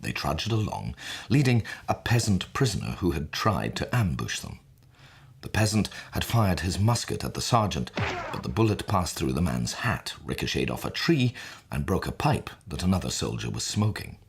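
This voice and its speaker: A man narrating a scripted story in a measured, dramatic way. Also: low-pitched, sing-song, vocal fry, breathy edge. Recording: soft music under voice.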